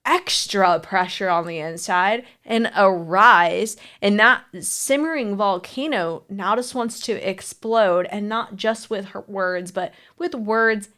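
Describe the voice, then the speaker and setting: A woman's voice: medium pitch, slow, few pauses, a bit bright. A woman marriage coach talking candidly and telling a story with animation in a casual podcast chat.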